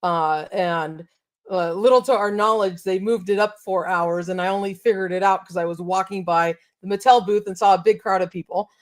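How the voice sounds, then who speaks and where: A woman co-hosting a casual conversation, full of excitement and peppered with "um" and "uh". Her voice sits at an ordinary middle pitch, and she keeps the talk moving in a relaxed, chatty way. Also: normal speed. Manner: enthusiastic, chatty with many fillers. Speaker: co-host of toy show. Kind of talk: casual chat.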